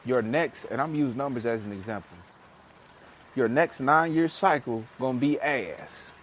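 A man's voice: mid-range voice, moderate pace, a little hiss or hum. A man on a casual motivational podcast, talking emphatically in slang and acting out voices when he quotes people. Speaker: podcast co-host.

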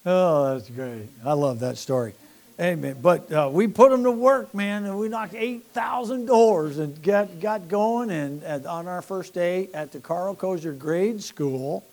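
An older man, a pastor, telling church-planting stories in a folksy, animated sermon with laughs and asides. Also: on the high side. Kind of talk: sermon storytelling.

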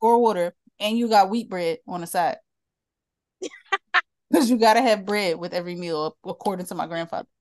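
A woman's voice: medium pitch, normal speed, long pauses, darkish tone. A woman with a Philadelphia accent co-hosting a casual podcast chat, opinionated and teasing. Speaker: podcast co-host.

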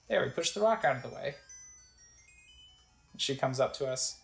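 Brief: casual woman gamer, low voice with a lively lilt, reading on-screen text aloud. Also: moderate pace, vocal fry, pauses often, reverberant, faint music behind, low-quality recording. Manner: chatty, describes the screen and reads the text aloud. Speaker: gamer narrating a let's play. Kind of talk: casual gameplay narration.

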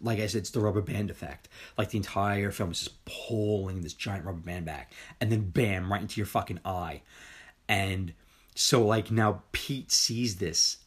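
A man in his forties retelling a horror film in a casual chat, excited and profane, acting out the scenes. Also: lowish voice, breathy edge. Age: 40s. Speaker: podcast co-host. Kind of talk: casual movie review chat.

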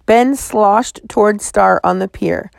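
A woman reading a children's novel aloud in a measured storytelling manner. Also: mid-range voice, gravelly, a little mellow, dry recording. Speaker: audiobook narrator.

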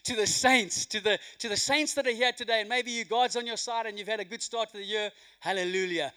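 A man preaching a sermon, swinging between loud emphasis and hushed, quiet lines. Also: high-pitched, fairly quick, clear, resonant tone. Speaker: pastor. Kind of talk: sermon with a told joke. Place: church hall.

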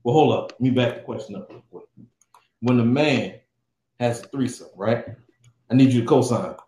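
A man's voice: mid-range voice, normal speed, dark tone. A man co-hosting a casual podcast, laid-back and slangy, laughing often. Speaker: podcast co-host. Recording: echoey room with faint noise.

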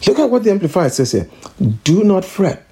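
A woman's voice: mid-range voice, big pitch swings, fairly quick, warm tone, slight background noise. A woman pastor preaching a sermon, emphatic and repeating declarations again and again.

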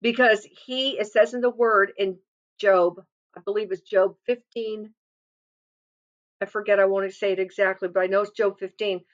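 A woman's voice: mid-range voice, fairly even intonation, moderate pace. A woman preaching a sermon, earnestly quoting and explaining scripture with emphatic delivery. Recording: muffled lo-fi recording.

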